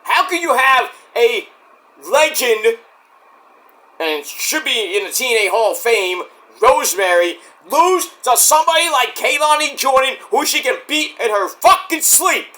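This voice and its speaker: A man giving a casual solo review of a wrestling show, excitable and profane, breaking into rants. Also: very high voice, a little slow.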